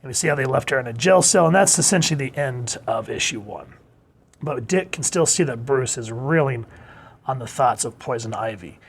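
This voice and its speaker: A man's voice: mid-range voice, slightly rough. A man in his thirties casually reviewing an old comic book, enthusiastic and playful, reading bits aloud with funny voices.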